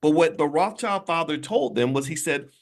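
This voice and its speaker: Higher-pitched guy on a phone livestream from a hotel room, preachy, keeps talking right at the viewers. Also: lively intonation, moderate pace. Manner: emphatic, preachy, speaks straight to viewers. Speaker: financial commentator and channel host.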